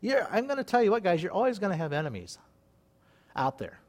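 In a high voice with huge pitch swings, a pastor preaches a little fast. He keeps things folksy and playful, reading scripture aloud between his comments and laughing at his own asides.

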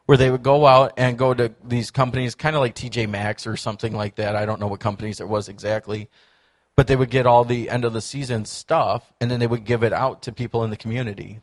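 A pastor preaches a sermon in church, telling stories in an animated way and acting out the voices he quotes. His voice is mid-range and his delivery brisk.

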